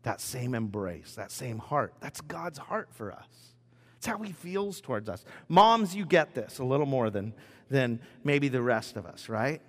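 A middle-aged pastor gives a conversational, humorous sermon in a church sanctuary, frequently restarting his sentences, with the hall's long reverb audible. His mid-range voice has an unhurried, sing-song quality.

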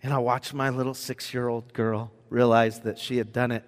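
A male pastor delivering a sermon through personal stories, swinging between loud, animated moments and hushed ones. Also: mid-range voice, normal speed. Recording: long hall reverb.

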